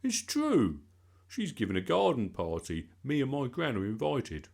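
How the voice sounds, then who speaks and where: A man voicing a stubborn, hungry young schoolboy in a storybook reading, in a high, earnest voice. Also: huge pitch swings, a little slow, gravelly, darkish tone, slightly rough, full character voice. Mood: indignant.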